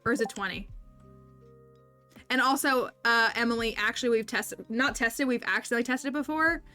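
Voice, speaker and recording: A woman's voice: on the high side, brisk, sharp tone, faint music behind. A woman streaming a video game, chatting casually with viewers, interrupting herself and explaining the game's mechanics. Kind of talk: casual gameplay livestream chat.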